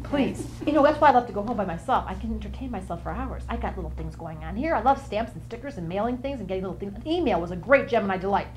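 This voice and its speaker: A woman's voice: mid-range voice, lively intonation, quick pace, few pauses, a little mellow, faint music behind, voice pushed down, natural voice. Woman acting as a chatty, flighty Gemini woman. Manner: bubbly, quirky, jumps between topics. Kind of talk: comic character monologue.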